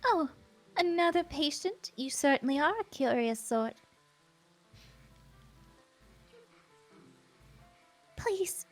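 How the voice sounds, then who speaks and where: A woman's voice: high-pitched, lively intonation, measured pace, soft background music, pitched above the performer's own voice. A woman voicing a prissy, haughty female house cat in a video game, with a prim, condescending manner.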